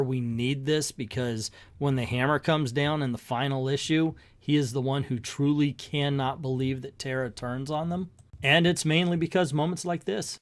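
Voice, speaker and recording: A man chatting casually through a comic book review, making jokey asides to his viewers. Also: medium pitch.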